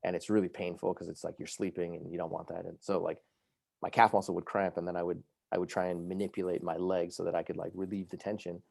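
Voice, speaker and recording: Fast-talking man with a low, gravelly voice. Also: no room sound, clean studio sound. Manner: fast, lively, full of fillers like "you know" and "like". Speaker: podcast guest. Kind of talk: animated personal storytelling.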